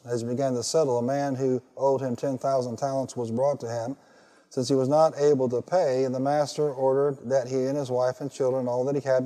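A man's voice: mid-range voice, dark tone. A male pastor preaching a sermon and calling for responses from the congregation, rising to emphatic peaks. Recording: reverberant hall.

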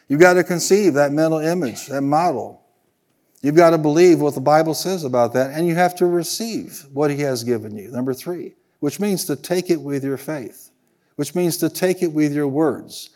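A pastor preaching with steady emphasis, his voice sitting on the higher side for a man. He hammers home lines by repeating them and calls on the congregation to answer back. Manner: emphatic call-and-response preaching, repeating phrases. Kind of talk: sermon.

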